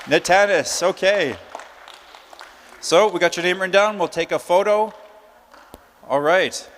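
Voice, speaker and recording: A man with a high, light voice calls out prize winners at a live conference. He speaks in a loose, joking, chatty way. His voice rings with a long reverb from the big hall around him. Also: a little slow, fairly bright tone, a faint crowd, slight background noise. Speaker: emcee drawing prize winners.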